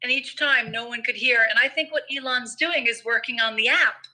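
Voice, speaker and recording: Woman, casual chat, excitable, bright clear tone. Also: fairly high pitch, a little fast, rough recording. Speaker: speaker in a live audio room.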